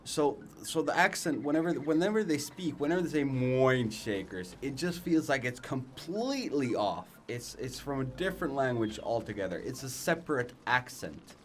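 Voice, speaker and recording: A man's voice: mid-range voice, very animated, normal speed, few pauses, slight background noise. A young man, not a native English speaker, giving casual let's play commentary, ranting and swearing with self-mocking asides.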